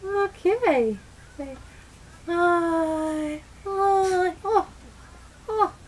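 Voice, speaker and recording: High-voiced woman doing slow sing-song baby talk to her pug, laptop mic at home. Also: a little hiss or hum, poor audio. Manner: sing-song, cooing, exclamatory. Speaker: pet owner. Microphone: laptop built-in webcam mic.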